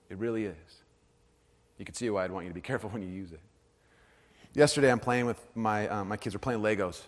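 A man in his thirties preaching a sermon, earnest, moving between hushed and animated storytelling. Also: medium pitch. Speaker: pastor. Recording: hall with long reverb.

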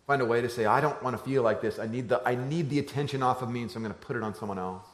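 A male pastor, speaking rapid-fire, tells a family story in his sermon, alternating hushed, low-voiced lines with loud, lively ones. The recording has room echo.

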